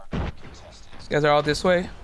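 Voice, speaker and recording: Young man, high voice, excitable gameplay commentary, dramatic groans, faint gunfire noise. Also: slow. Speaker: mobile shooter game streamer. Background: game gunfire and clicks.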